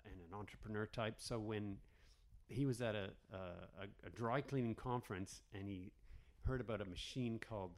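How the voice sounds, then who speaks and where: A man's voice: on the low side, moderate pace. A man from Canada, a comedian guest on a podcast, telling rambling stories with lots of restarts. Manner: rambling, animated storyteller with frequent restarts. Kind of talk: casual podcast storytelling.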